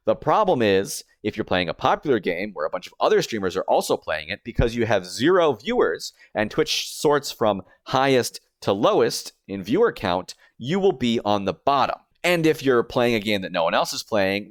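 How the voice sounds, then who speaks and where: Young adult male streamer, scripted video-essay narration, somewhat low voice, dry close recording, methodical explainer. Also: no echo. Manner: explanatory, step-by-step. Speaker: streamer and YouTuber.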